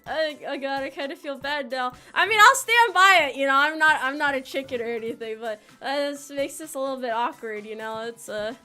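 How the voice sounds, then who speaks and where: A woman's voice: high voice, sharp tone. A woman from the United States streaming a game and chatting live, playful and teasing, tripping over her words as she restarts sentences. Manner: playful, teasing banter with chat, frequent restarts. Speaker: VTuber streamer. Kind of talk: casual live-stream chat while playing a game. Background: faint game music.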